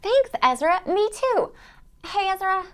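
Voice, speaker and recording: High, animated female quiz host in a church skit, gasps and exclaims. Woman plays her. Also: unhurried, exaggerated voice. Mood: apologetic. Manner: excitable, gasping, talks to the kids watching. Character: enthusiastic young woman quiz-show host. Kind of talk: amateur stage skit.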